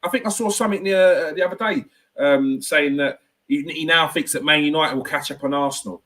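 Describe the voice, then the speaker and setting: Opinionated fan host. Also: male voice, a little high, a little fast, a bit bright. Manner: opinionated, ranty. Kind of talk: casual football reaction chat.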